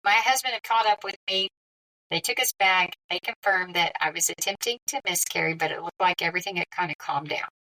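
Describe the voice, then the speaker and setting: A middle-aged woman, a podcast guest, telling a personal story in a lively, conversational way. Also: fairly low pitch, fairly quick, distant mic, rough recording. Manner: lively, conversational, with frequent quoted dialogue.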